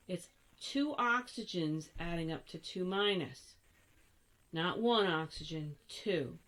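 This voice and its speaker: A woman's voice: lowish voice, fairly bright tone. An older woman teaching a chemistry lesson, chatty and playful, correcting herself as she goes. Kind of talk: recorded classroom lesson.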